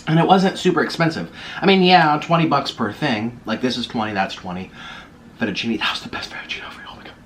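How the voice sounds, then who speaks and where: This man's medium-pitched, fairly bright voice comes quickly, with slight background noise behind it. He's a YouTuber doing casual mukbang chatter by a window in a city apartment, raving about his food between mouthfuls.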